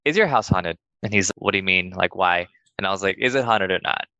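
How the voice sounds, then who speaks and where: A young man casually telling a ghost story on a podcast, acting out quoted lines in a higher voice. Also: a little fast, clean tone, no room sound, dull audio. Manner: animated, acts out quoted dialogue in a higher voice.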